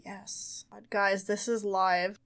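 A woman co-hosting a casual comedic live-stream chat, tossing in quick, teasing remarks. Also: medium pitch, little pitch movement, gravelly, fairly bright tone. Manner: quick teasing interjections, playful. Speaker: podcast co-host.

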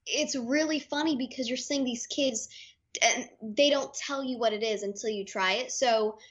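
A young woman guest telling stories in an interview, bubbly and expressive. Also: fairly high pitch, moderate pace. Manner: bubbly and expressive, gushing exclamations. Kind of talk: casual interview storytelling.

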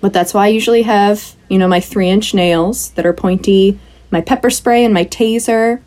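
A woman's voice: medium pitch, steady tone, moderate pace, dark tone. A woman co-hosting a podcast, chatting casually and animatedly about films, acting out quotes and swearing freely. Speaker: podcast co-host. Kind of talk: casual film review chat.

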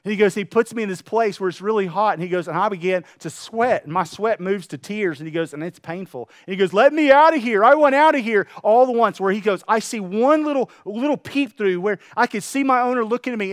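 A man preaching a sermon to a room, telling a parable with lively acted-out voices. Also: high voice, quick pace, hardly any pauses, dry recording, studio quality. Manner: animated storytelling, acting out voices. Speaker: pastor. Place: room with an audience.

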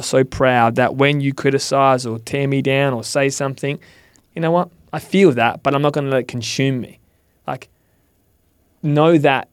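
A man's voice: mid-range voice, dry recording, studio quality. A man on a podcast giving candid, earnest advice, swearing now and then and acting out quoted lines. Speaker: podcast guest, mentor. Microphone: studio mic.

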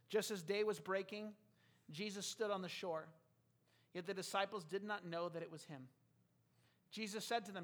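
High-voiced man preaching a sermon. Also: normal speed, pauses often, fairly bright tone. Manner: storytelling, acting out characters' lines.

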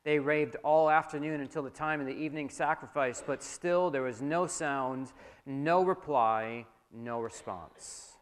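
A man's voice: on the high side, a little slow, clean tone. A male pastor giving a sermon, reading scripture aloud dramatically in a church hall. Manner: dramatic reading, dropping soft for prayer. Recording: long hall reverb.

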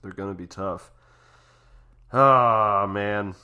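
A laid-back man with a lowish voice who talks sports in loose, profane podcast chat. He keeps tossing in "dude" and "like" between thoughts. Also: slow pace, smooth, highs cut off. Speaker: podcast co-host. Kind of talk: casual chat.

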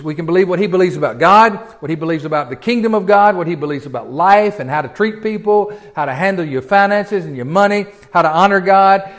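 A man preaching a sermon in a conversational way, often checking in with his listeners and swinging between emphatic and quiet delivery. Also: a little high. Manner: conversational preaching with frequent check-ins and restarts; emphatic, dynamic swings in loudness. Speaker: pastor.

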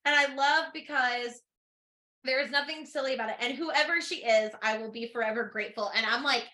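A woman co-hosts a casual book podcast, recapping scenes in a chatty, giggly way. Her voice is bright and slightly high. The room around her is noticeably echoey. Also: fairly quick. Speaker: podcast co-host. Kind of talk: casual book chat and reading aloud.

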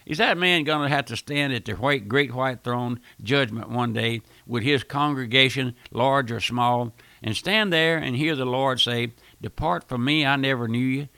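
An older radio preacher with a gravelly, forceful voice, recorded close and dry. He preaches a fiery sermon in a folksy, emphatic way, repeating his phrases and building to forceful bursts. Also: medium pitch, moderate pace, hardly any pauses, dry recording.

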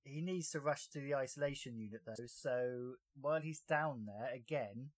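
A man hosts a casual fan podcast and walks through scenes with dry humour. His voice sits at a middle pitch. The recording is dry and close-miked. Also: normal speed, no echo. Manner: recaps scenes with dry jokes. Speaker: podcast host.

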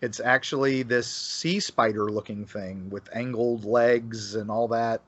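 A man's voice: medium pitch, steady tone, a little slow, a bit bright, slightly rough, no echo. A man talking as a podcast guest about local folklore, rambling with many fillers and restarts. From Florida. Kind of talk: casual podcast conversation. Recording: dull lo-fi, dry sound.

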